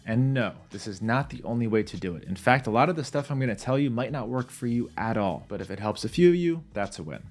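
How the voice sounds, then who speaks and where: A man's voice: mid-range voice, animated, quick pace, hardly any pauses, soft background music. A man teaching beginners a sales method in a direct, confident, plain-spoken way. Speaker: sales trainer. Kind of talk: instructional talk to camera.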